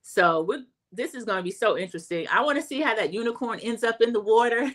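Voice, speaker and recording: A woman's voice: fast, a bit bright. Middle-aged woman, drawl, casual recap host, chatty, mimics quotes. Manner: chatty, acts out quotes in a high voice, says "y'all".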